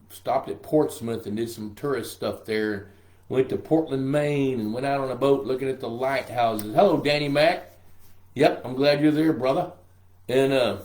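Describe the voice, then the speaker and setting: An older man whose voice is scratchy and worn from a throat infection. He runs a relaxed live-stream Q&A and jokes along with his viewers. His voice rings in a roomy, echoey space at an average male pitch. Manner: folksy and joking, greets viewers by name. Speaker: pond management show host. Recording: roomy echo.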